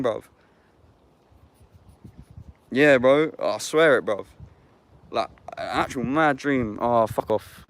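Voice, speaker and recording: Young english guy on a livestream, lots of slang and swearing, chats with the comments, mid-pitched voice. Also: animated, slow, long pauses, a bit bright. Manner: slangy and swearing, answering chat. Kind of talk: casual livestream chat.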